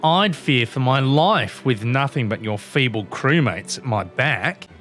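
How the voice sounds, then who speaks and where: A haughty female airship captain, as a man dubbing a game puts her on, speaks in a put-on accent. Her lines sound proud and dismissive, and her pitch rises and falls a lot. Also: animated, unhurried, fairly bright tone, soft background music.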